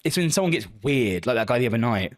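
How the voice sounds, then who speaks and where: A man's voice: mid-range voice, big pitch swings, fast talker. A man live-streaming, chatting casually with viewers and answering their messages with lots of swearing and joking banter.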